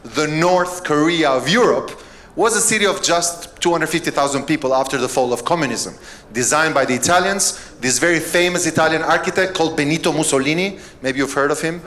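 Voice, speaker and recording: A middle-aged man from Albania, a mayor giving a conference keynote, telling jokes and stories in a relaxed, self-deprecating way. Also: on the high side, brisk. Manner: joking, storytelling, self-deprecating.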